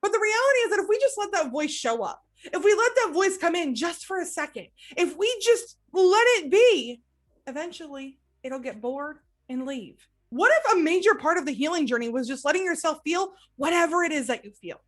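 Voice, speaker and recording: A woman with a high voice talks through a podcast monologue as a recovery coach. She speaks gently and reflectively, asking the listener questions to consider. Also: sing-song, moderate pace.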